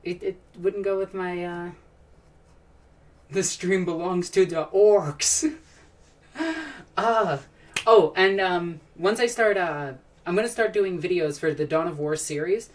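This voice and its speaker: A woman hosts a casual live stream from her home room with a fairly low voice. She rambles enthusiastically, sighs often and restarts her sentences. The mic sits a little way off, so she sounds distant. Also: measured pace. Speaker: live streamer answering chat.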